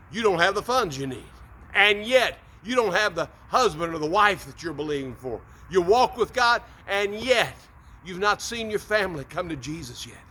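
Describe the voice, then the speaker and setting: Bright, upbeat preacher man. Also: high-pitched, a little hiss or hum. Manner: upbeat, folksy, repeats words. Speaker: preacher, motivational host. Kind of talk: short devotional talk.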